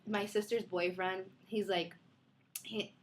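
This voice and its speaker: A young woman in casual chat with friends, telling animated stories and acting out the people she quotes. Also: medium pitch, slow pace, slight background noise. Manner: animated storytelling, acts out quotes.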